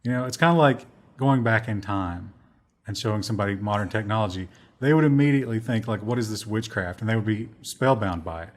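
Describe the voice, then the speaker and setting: A man's voice: on the low side, quick pace. A man co-hosting a casual tech news discussion, sardonic, acting out quoted people in mocking voices. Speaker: co-host.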